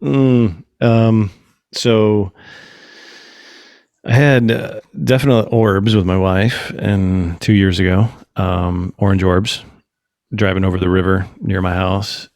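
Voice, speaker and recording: A man with a low, gravelly voice, hosting a casual podcast chat. He tells stories with energy and acts out the other people's lines. The sound is close and dry. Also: slow, no room sound. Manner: animated storyteller, acts out quotes, swears casually. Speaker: podcast host.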